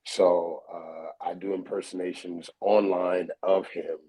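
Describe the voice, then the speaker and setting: A comedian, telling stories in a casual interview over a video call, relaxed and full of fillers. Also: male voice, low voice, slow, husky, low-quality recording. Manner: relaxed, storytelling, many fillers. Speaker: comedian guest.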